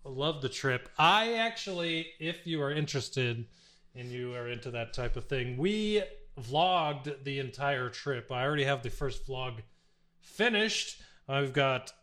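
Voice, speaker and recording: A man's voice: medium pitch, lively intonation, unhurried, sharp tone. A man chatting casually and enthusiastically as a podcast co-host. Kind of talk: casual chat.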